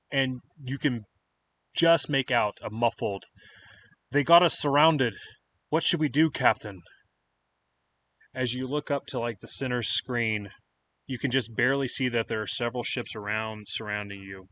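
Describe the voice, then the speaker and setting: A man's voice: medium pitch, steady tone, moderate pace, pushed and bright. Man casually narrating as game master. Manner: loose, descriptive narration full of "like" and "sort of".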